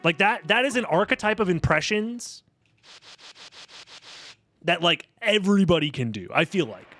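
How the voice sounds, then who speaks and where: A man's voice: high voice, animated, normal speed, a bit bright, faint music behind. A young man streaming a video game, chatting casually in a rambling, joking and self-deprecating way, swearing freely. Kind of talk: casual commentary while gaming.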